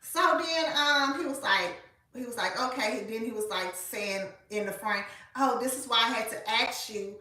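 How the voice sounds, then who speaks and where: A woman, telling a story in a casual, animated way and speaking straight to her listeners. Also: a little high, moderate pace, recorded from a distance. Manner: animated, colloquial, addresses listeners as y'all. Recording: echoey room, voice off-mic.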